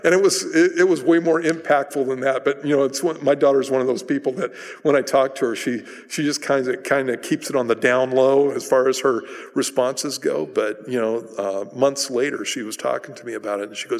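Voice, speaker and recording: A man's voice: medium pitch, a little fast, hardly any pauses. Middle-aged man, pastor, chatty sermon delivery with restarts, mid-range voice, long hall reverb. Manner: conversational, animated storytelling with frequent restarts.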